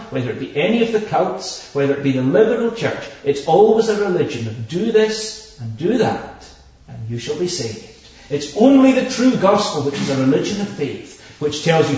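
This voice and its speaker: A man preaching a sermon with slow, emphatic delivery, stressing repeated words and reading scripture in old formal English. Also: on the high side, darkish tone. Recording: echoey, distant, dull hall recording.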